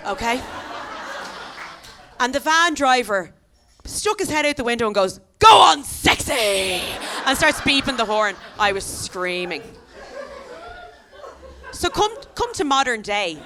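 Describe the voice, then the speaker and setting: A woman's voice: medium pitch, noisy background. An Irish woman in her thirties performing a stand-up comedy set, telling stories and acting out the voices of the people in them. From Ireland. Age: 30s. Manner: animated storytelling, acts out quoted voices. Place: comedy venue stage.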